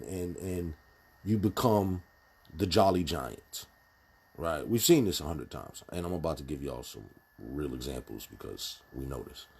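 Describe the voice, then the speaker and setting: Deep-voiced, husky man speaking bluntly. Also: a little mellow. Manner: emphatic, many fillers and restarts, speaks bluntly. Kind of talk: casual monologue commentary.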